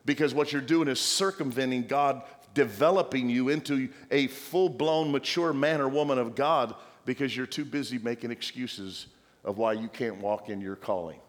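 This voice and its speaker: A man's voice: medium pitch, normal speed, long reverb tail. A male pastor preaching a sermon, exhorting the church with playful asides and mock voices of the congregation.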